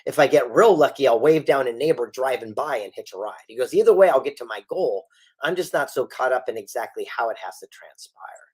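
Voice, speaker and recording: Animated man telling stories. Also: medium pitch, brisk, slightly rough. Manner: animated storyteller acting out quoted dialogue. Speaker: guest author and speaker. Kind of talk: storytelling interview.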